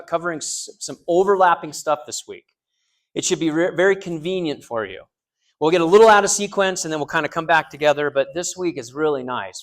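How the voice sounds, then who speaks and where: A man lecturing a small university class, joking and quizzing students, with frequent restarts. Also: on the high side. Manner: joking, asks the class questions, repeats students' answers; frequent restarts and fillers, loose conversational delivery.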